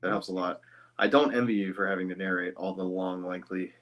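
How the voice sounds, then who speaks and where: A man, a guest voice actor, talking in a loose, rambling podcast chat with casual swearing and quick asides. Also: sits low, fairly even intonation, dull audio.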